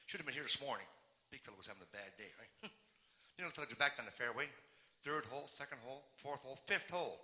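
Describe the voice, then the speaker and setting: A man performing stand-up comedy on a live stage, telling quick jokes and laughing at his own punchlines. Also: mid-range voice, sharp tone, slight background noise.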